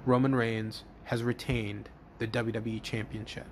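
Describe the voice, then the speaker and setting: Slow, halting man telling a story. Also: medium pitch, level tone, a little hiss or hum. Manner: halting, repeats words, many restarts. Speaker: host, fantasy booker. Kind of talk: casual play-by-play storytelling.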